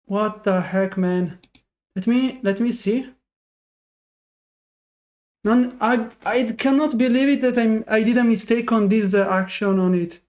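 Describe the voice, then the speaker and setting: A man's voice: high voice, measured pace, long pauses, a little mellow. A man streaming his live day trading and talking to his chat, frustrated and self-critical, thinking aloud with many restarts. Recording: dull lo-fi sound.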